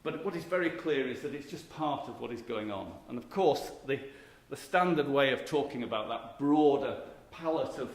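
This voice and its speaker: A man's voice: medium pitch, normal speed, few pauses. A middle-aged man delivers a conference lecture in a mid-range voice, emphatic and conversational, often restarting his phrases. The recording carries the roomy echo of a hall, with a faint hum of noise underneath. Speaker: keynote speaker, marketing professor.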